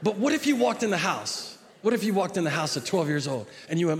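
A man's voice: high voice, very animated, fast talker. A middle-aged male pastor preaching a sermon in a conversational way, often repeating words and restarting phrases. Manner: acts out a child's pleading voice in quotes.

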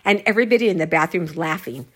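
A woman's voice: on the low side, fast, a bit bright, slightly rough. A woman telling a casual personal anecdote, often breaking into laughter mid-sentence as she tells it.

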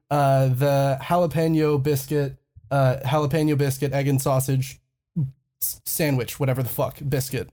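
Young adult, casual storytelling, profane, keeps laughing, mid pitch. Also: mellow.

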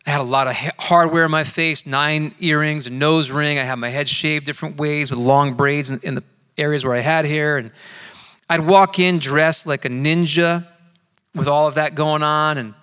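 A man preaching a sermon in a church, telling his own story in an earnest, conversational way and slowing down to stress key words. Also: a little high, pushed and bright. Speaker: pastor. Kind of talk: sermon with personal testimony. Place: church sanctuary. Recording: long hall reverb.

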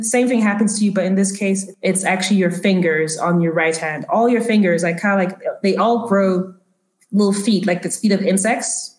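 Woman game master, halting narration, lots of fillers, middle pitch, roomy echo. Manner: halting, filler-heavy narration with acted voices. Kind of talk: narrating a tabletop horror game.

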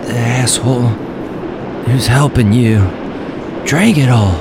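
A man's voice: mid-range voice, slow pace, creaky, long pauses, background noise. A man improvising a game role-play in a thick put-on frontier drawl, joking around. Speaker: player roleplaying a character.

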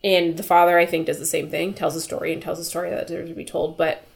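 A woman's voice: sits low, flat delivery, quick pace, gravelly. A young woman co-hosting a casual film review podcast, talking in a rambling way with lots of "like" and acting out scenes. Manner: rambling, filler-heavy, acts out scenes in voices. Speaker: podcast co-host.

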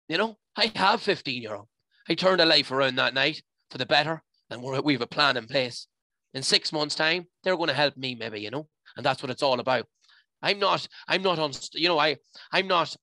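Bright rambling Irish man. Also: mid-range voice, dry recording. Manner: rambling, restarts often, says "you know" a lot. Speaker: podcast guest, mountain adventure guide. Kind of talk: emotional conversational interview.

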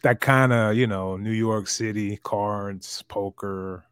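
A man's voice: lowish voice, fairly even intonation, takes it slowly, clear, resonant tone, no echo, clean studio sound. A man hosting a casual podcast chat, joking loosely and swearing freely. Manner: loose, joking, profane banter. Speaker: podcast host.

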